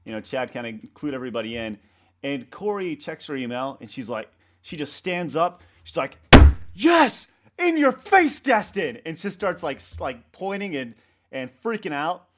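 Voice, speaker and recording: A man, a website co-founder, talking in a casual interview, rambling and halting with many restarts and fillers. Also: mid-range voice, slight background noise. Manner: animated storyteller acting out coworkers' lines.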